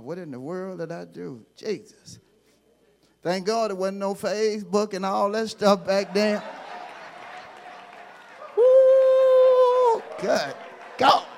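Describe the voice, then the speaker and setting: Male bishop, high gravelly voice, fiery call-and-response sermon. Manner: fiery call-and-response preaching, swinging from hushed to shouting. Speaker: bishop preaching.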